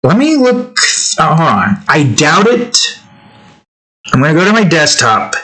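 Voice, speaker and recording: A man chatting casually while he draws, rambling through off-topic asides and swinging into animated mock rants. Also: on the high side, measured pace, low-quality recording. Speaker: art vlogger. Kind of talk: casual chat while drawing.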